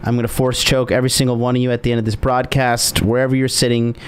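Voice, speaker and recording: A man playing a menacing male dark lord villain, rattling off joking threats. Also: medium pitch, little pitch movement, fast, clean tone, lightly acted.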